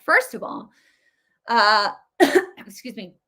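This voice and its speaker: A woman's voice: a little high, big pitch swings, slow, pushed and bright. A woman giving casual political commentary, emphatic and repeating her points. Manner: emphatic, repetitive.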